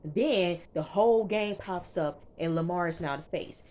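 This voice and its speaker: A woman reviewer recapping a TV episode in a casual, slangy, chatty way, tossing in quick asides as she goes. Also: fairly low pitch, warm tone. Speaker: TV show reviewer.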